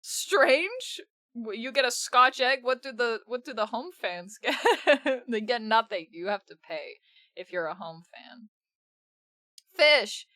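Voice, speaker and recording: A woman's voice: on the high side, expressive, slow pace, bright, forceful tone, no echo, studio quality. A woman streamer reacting in casual live-stream commentary, swearing a lot and breaking into laughter.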